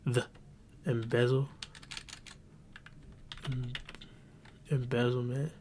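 A man's voice: mid-range voice, very slow, slight background noise. Rambling, swearing podcast guy. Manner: rambling, animated storytelling with many restarts; swears casually. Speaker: podcast host. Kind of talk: casual chat.

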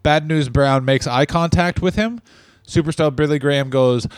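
A man's voice: on the high side, moderate pace, smooth, no echo. A man co-hosting a comedy podcast, riffing crude jokes in casual chat. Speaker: podcast co-host.

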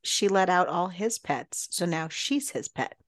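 A woman's voice: lowish voice, expressive, a little slow. A woman co-hosting a book club podcast, chiming in with wry, teasing comments in casual chat. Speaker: podcast co-host. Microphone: podcast mic.

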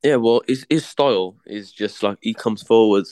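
A man's voice: on the low side, normal speed, a little mellow, dry recording, clean studio sound. A young man, a boxer, chatting casually in an interview, slangy and repeating words as he tells his story.

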